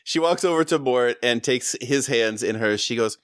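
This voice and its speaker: A man's voice: medium pitch, normal speed, fairly bright tone, dry recording, clean studio sound. A man narrating and running a tabletop role-playing game, laughing often. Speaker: game master.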